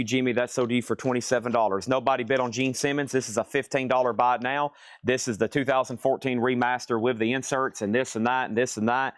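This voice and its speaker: A man keeps up easy auction patter from a record store, calling out items and prices while cracking jokes. His voice sits at a middle pitch for a man. The sound is dry and close, with no room around it. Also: clean tone, no room sound. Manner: chatty and joking, rambling between prices. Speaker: live-stream vinyl record seller. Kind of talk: live auction sales patter.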